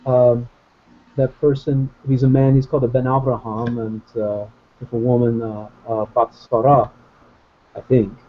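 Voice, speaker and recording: A man's voice: medium pitch, level tone, measured pace, phone-quality sound. A man in a casual Bible study discussion on a video call, rambling and hesitant but good-humored.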